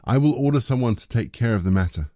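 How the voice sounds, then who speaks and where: A man reading the lines of a grave, firm old king in a measured, plain voice. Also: mid-range voice, lively intonation, warm tone, no room sound, clean studio sound, lightly acted.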